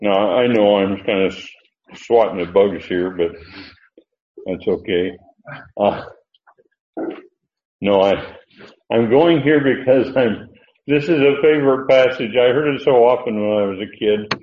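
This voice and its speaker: An older man teaching a Bible study as a preacher, unhurried and halting, with many fillers. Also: on the low side. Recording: roomy, dull lo-fi sound.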